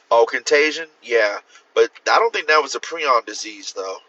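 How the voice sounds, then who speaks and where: Guy ranting on his phone live, swears a lot, answers comments, sharp bright voice. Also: medium pitch, lively intonation, normal speed, muffled recording. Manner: profane, rambling, talks straight to viewers. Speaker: author hosting a livestream. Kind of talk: casual livestream chat.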